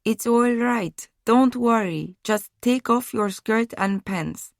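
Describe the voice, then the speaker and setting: A woman voicing a brisk female captor in a true-crime audiobook, scornful and falsely soothing. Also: on the high side, fairly bright tone, no echo, studio quality, voice pushed up. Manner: scornful then coaxing.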